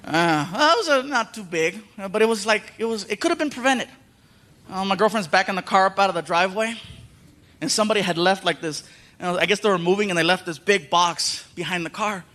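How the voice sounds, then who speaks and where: A middle-aged man performing stand-up comedy, telling stories on stage with animated voices. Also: sits high, fairly quick. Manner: animated storytelling, frequent voices.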